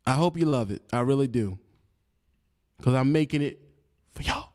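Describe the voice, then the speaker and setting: A man's voice: medium pitch, animated, moderate pace, a little mellow. A man hosting a trucking channel, giving casual straight-talk advice full of slang. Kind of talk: casual podcast chat.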